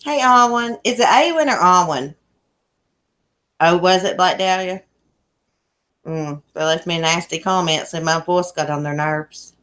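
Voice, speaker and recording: Low-voiced country woman from Virginia. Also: unhurried, long pauses, a bit bright. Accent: Southern Appalachian country. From Southwest Virginia. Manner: chatty and folksy, laughs often. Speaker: YouTube livestream host. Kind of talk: casual livestream chat reading comments. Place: home in a small mountain town.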